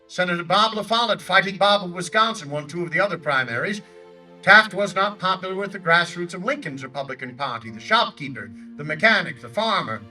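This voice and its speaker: A blustering older Theodore Roosevelt, played by a male reenactor booms out a declamatory stump speech in a high, sharply bright voice. He orates outdoors in a lakeside park, caught by a distant microphone, with faint music drifting behind him. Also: expressive, a little fast, exaggerated voice. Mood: rousing. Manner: booming, declamatory oratory. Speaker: historical reenactor.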